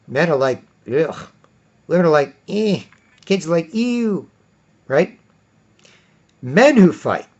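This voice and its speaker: A man delivering a rambling monologue, often putting on high mocking voices for other people. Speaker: commentator. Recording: dull lo-fi recording.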